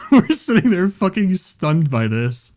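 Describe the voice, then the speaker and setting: A man tells a story in casual chat with a lively, swooping delivery. He swears freely and laughs along with his own tale, in a slightly high voice. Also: takes it slowly. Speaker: podcast host.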